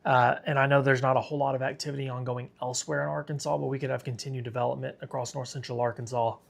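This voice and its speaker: A man's voice: mid-range voice, flat delivery, racing, creaky. A man hosting a live severe weather stream, tired and sick, talking casually and reading viewer comments aloud. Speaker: weather livestream host.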